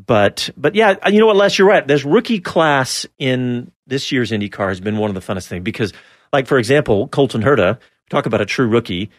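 A man's voice: mid-range voice, animated, brisk, dry recording. A man co-hosts a sports radio hour, talking loosely and laughing between his restarts. His voice sits in a middle register and sounds dry and close, with no room around it. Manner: chatty, rambling with restarts and laughs. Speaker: radio show co-host. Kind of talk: casual sports radio chat.

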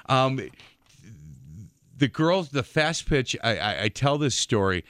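A man, hosting a casual sports talk radio show and telling lively stories. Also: mid-range voice, slow pace, smooth, no room sound, clean studio sound. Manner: chatty storyteller, acts out quotes.

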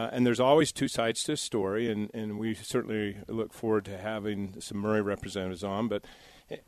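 A man co-hosting a talk show, speaking in a measured, reassuring way with some hesitations. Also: fairly low pitch, no echo.

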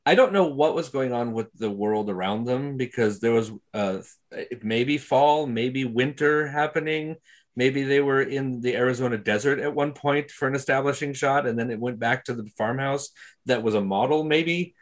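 Man, podcast host, mid-pitched, sarcastic, exaggerating banter. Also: moderate pace. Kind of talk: casual movie chat.

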